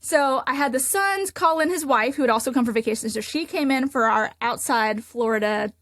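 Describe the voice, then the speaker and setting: A woman podcast host who is an ICU nurse, with a high, bright-pitched voice, tells a story in a chatty, animated way, dropping "like" every few words. The sound is close and dry, with no room echo. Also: a little fast. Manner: animated, chatty, many "like" fillers. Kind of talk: casual storytelling in a podcast chat.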